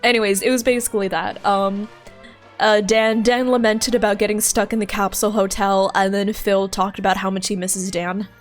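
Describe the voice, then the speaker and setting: A young woman streaming a game, chatting casually in an excitable, chatty way and laughing often. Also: medium pitch, moderate pace, faint music behind. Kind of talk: casual gaming stream chat.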